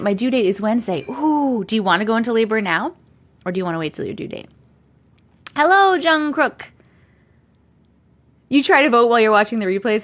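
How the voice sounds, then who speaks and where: A woman's voice: medium pitch, fairly bright tone. A young woman hosting a livestream, chatting casually and greeting viewers by name with frequent giggles. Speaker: host reading viewer comments on a livestream.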